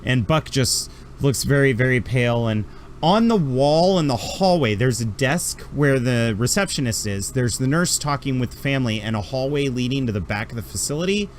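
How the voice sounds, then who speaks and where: As game master for a tabletop game, a man with a medium-pitched voice rambles through his descriptions, filling them with fillers. He sounds animated and moves at a moderate pace, over a touch of hiss or hum.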